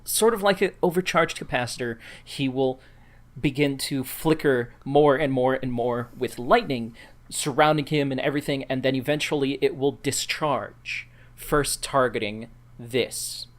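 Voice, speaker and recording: A man's voice: medium pitch, a bit bright. A man playing a tabletop role-playing game, methodically describing his spell and reading out his rolls. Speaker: player. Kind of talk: casual tabletop play.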